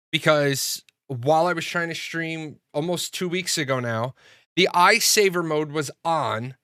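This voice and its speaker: Bright-voiced man, rambling and cursing. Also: fairly high pitch, no echo, clean studio sound. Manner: rambling storyteller, swears freely, frequent restarts. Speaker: streamer. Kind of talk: casual livestream chat.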